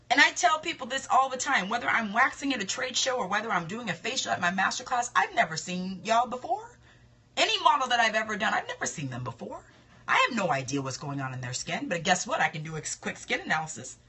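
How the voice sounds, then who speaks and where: A confident woman talks casually on a live stream, stressing and repeating her points. Her voice is bright and forward with a husky edge. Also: medium pitch. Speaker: esthetician coaching other estheticians.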